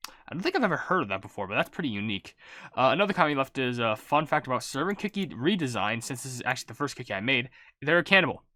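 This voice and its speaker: Laid-back rambling young man, bright voice. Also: medium pitch, big pitch swings, racing, no echo, clean studio sound. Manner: rambling, self-mocking, swaps swear words for silly substitutes. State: just woke up. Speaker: gaming YouTuber. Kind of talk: casual commentary reading comments.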